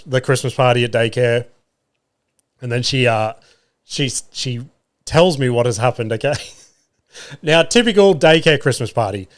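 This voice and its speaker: An Australian man in his thirties hosting a podcast, telling family stories casually, swearing freely, laughing and acting out the voices of his family. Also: mid-range voice. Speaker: podcast host. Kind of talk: casual storytelling monologue.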